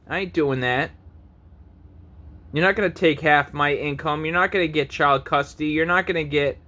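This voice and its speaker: A man's voice: a little high, pushed and bright. A man in his thirties ranting to camera in a preachy, confrontational vlog monologue, swearing often. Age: 30s. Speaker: vlogger.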